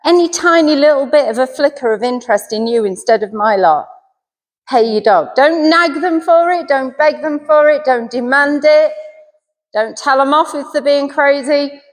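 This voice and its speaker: A woman's voice: sits high, normal speed. Chatty woman teaching puppy class. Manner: chatty, self-deprecating, instructive. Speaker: dog trainer. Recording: reverberant hall.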